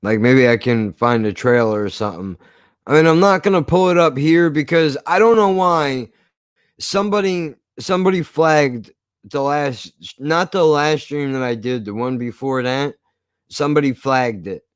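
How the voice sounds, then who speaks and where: A man's voice: mid-range voice, moderate pace, smooth, no echo. A man streaming live, ranting casually in a rambling, profane way with frequent restarts.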